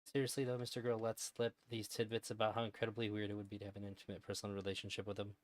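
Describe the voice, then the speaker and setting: On his stream, a man reviews a clip with relaxed, rambling commentary, pausing and restarting often and laughing frequently. His voice sits on the low side and stays monotone.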